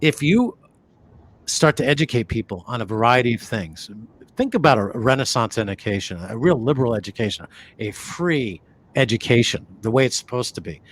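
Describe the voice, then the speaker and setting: Podcast co-host, male, from the New York City area, animated and rambling, mid-range voice. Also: medium pitch, husky. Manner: animated, rambling, many fillers and restarts. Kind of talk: conversational podcast talk.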